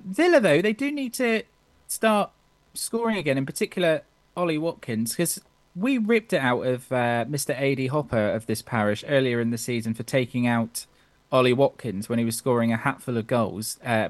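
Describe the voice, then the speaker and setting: A man's voice: mid-range voice, lively intonation, normal speed, dry recording. A man hosting a casual football podcast, joking with the panel, laughing often and steering the talk between guests. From England. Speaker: podcast host.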